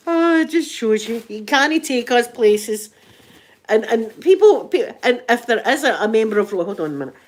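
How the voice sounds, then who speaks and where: A middle-aged woman with a Glaswegian Scottish accent, telling stories in a lively, casual way and acting out both sides of each conversation. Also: fairly high pitch, unhurried. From Scotland. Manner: animated, swears, acts out both sides of conversations. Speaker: ASMR vlogger. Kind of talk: casual storytelling chat.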